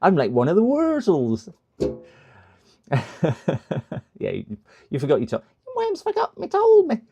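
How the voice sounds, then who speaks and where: A man putting on a slow, drawling rustic accent with rolled letters, playfully mimicking someone. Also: high voice, huge pitch swings, vocal fry, warm tone, slightly rough, voice pushed up, full character voice. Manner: rolled letters, drawling, exaggerated rural twang.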